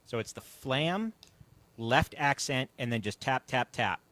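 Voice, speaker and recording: Brief: male show host, eager and curious, casual chat, medium pitch. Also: expressive, measured pace, a bit bright. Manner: eager, asks questions and repeats counts.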